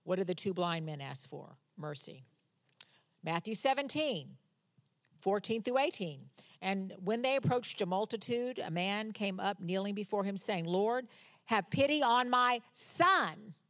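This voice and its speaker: A woman preaching a sermon, reading scripture aloud and explaining it with humorous conversational asides, her voice rising loud for cries and dropping soft on key words. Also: mid-range voice, animated, normal speed.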